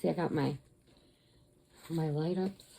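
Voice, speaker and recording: A woman with a deep, gravelly voice chats to camera from her crafting room at home. Her dark, mellow tone carries a rambling retelling that is full of restarts. It sounds like a cozy home vlog. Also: fairly even intonation, measured pace. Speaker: crochet vlogger. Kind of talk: casual storytelling to camera.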